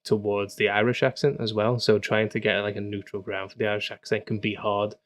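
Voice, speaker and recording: Low guy, pretty flat delivery, earnest podcast chat. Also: brisk. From United Kingdom. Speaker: podcast co-host. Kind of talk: casual chat.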